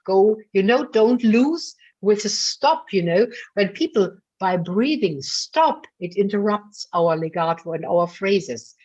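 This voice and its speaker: A woman's voice: mid-range voice, animated, slow, few pauses, a little mellow, slightly rough. A woman leading a singing masterclass, coaching a singer bluntly but affectionately and calling her darling. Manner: blunt, chatty, full of fillers. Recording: dull lo-fi recording.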